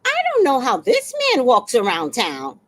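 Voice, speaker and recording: A woman in her sixties telling a story on a casual livestream, blunt and fiery, with sudden loud outbursts. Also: high voice, wildly swooping pitch, moderate pace, creaky. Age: 60s.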